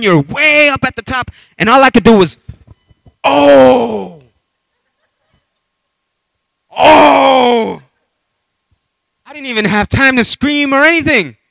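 A man preaching a sermon with animated storytelling, acting out voices and scenes as he talks. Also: very high voice, no room sound.

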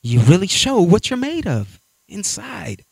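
A male preacher tells stories with a very lively, swooping voice, acting out scenes as he goes. He sits on the higher side for a man, and the recording is dry and close with no room echo. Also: a little slow, gravelly, husky. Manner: animated, acts out voices and scenes. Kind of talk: sermon with storytelling.

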